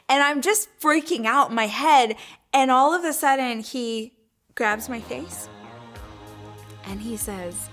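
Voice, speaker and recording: A woman in her thirties hosts a casual talk show and tells a personal story with gushing energy. She acts out her own thoughts as she goes, and her voice sits a touch high for a woman. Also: normal speed, a bit bright, soft background music. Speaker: podcast host.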